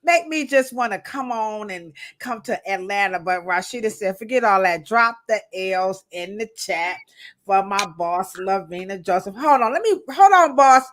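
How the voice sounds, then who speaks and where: A woman's voice: medium pitch, expressive, moderate pace, background noise. A woman in her thirties hosting a live podcast, chatting playfully and greeting viewers in the chat. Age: 30s. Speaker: podcast host. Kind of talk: casual livestream chat.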